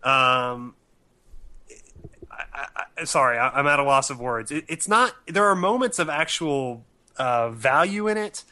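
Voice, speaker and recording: Sarcastic halting man reviewing a film. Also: medium pitch, sharp tone. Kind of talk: casual podcast film review.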